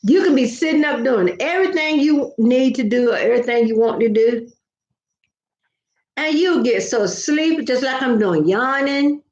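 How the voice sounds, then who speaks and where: Speaking to her viewers at a normal speed, an older vlogger rambles through folksy stories in a high, animated voice with a darkish tone. The audio is roomy and a little dull.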